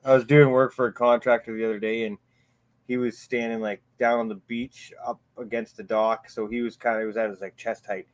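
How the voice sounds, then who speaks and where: A man's voice: fairly low pitch, dry recording. Man for a casual chat show, swears freely, laughs through his stories, dry close sound. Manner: profane, laughing storyteller. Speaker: podcast panelist.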